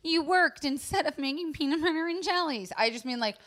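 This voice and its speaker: A young woman hosting a casual podcast interview, playful and quick, prompting her guest and dropping in lots of "like". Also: sits high, lively intonation, fairly bright tone. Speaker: podcast host.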